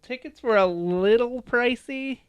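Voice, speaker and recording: A man's voice: extremely high pitch, measured pace, clear, resonant tone, dry recording, lo-fi sound. A man co-hosting a casual podcast, chatty and enthusiastic, laughing often as he talks. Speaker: podcast co-host. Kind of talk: casual chat.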